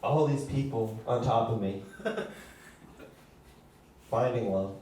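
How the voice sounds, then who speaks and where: A man voicing a lonely male love boat in a slow, mournful way. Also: medium pitch, a little hiss or hum, voice pushed down, natural voice. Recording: echoey room, distant mic, loud crowd.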